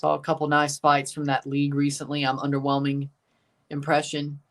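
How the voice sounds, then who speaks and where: A man's voice: on the high side, completely flat delivery, fairly quick, a bit bright. A man hosting a live match watchalong, chatting casually, rambling and answering his chat. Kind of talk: casual live reaction commentary.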